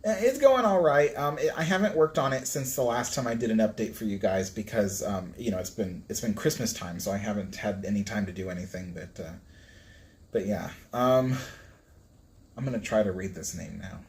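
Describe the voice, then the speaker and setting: A man's voice: lowish voice, lively intonation, normal speed, a little mellow, slight background noise. A man hosting a casual live stream, flustered as he stumbles over hard pronunciations and laughs at himself. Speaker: livestream host reading a book.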